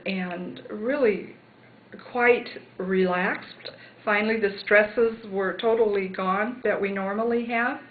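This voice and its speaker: A woman recounting a near-death experience, reflective and searching for words, on a roomy, phone-like recording. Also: medium pitch. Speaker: interviewee.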